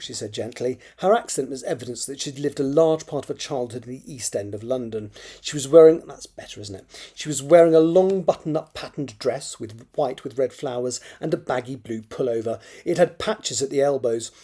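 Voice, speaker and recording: A man, an author, reading his own fiction draft aloud, halting to reread and correct phrases and muttering asides under his breath. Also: medium pitch, mellow, slightly rough.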